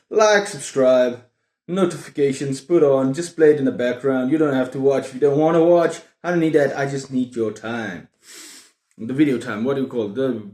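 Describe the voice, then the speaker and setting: A man's voice: medium pitch, mellow. A man hosting his own book vlog, talking in a jokey, erratic, rambling way after lots of caffeine. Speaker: book vlogger host. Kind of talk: rambling casual monologue. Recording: roomy echo.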